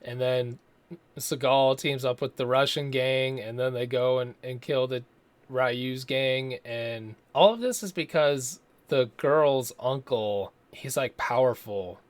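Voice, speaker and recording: A man talking through a movie review in a relaxed, rambling way. He swears casually and keeps mimicking the people he describes. His voice sits in an ordinary middle register. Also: medium pitch, slow pace, no echo. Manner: rambling, profane, slips into mocking impressions.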